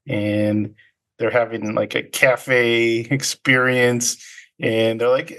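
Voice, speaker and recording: A man's voice: medium pitch, little pitch movement, measured pace, fairly bright tone. Chatty man casually recapping a film. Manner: chatty, laughs often, loosely paraphrases scenes. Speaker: podcast co-host.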